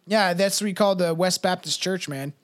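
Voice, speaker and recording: A man with a notably high speaking voice co-hosts a casual podcast. He rambles and swears freely, and often drops into mocking voices to act things out. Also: normal speed. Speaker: podcast co-host. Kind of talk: casual chat.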